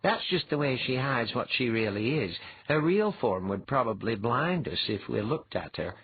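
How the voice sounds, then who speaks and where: A man's voice: medium pitch, big pitch swings, moderate pace, slightly rough, dry recording. A man reading an audiobook, voicing an earnest, respectful young man. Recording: dull lo-fi.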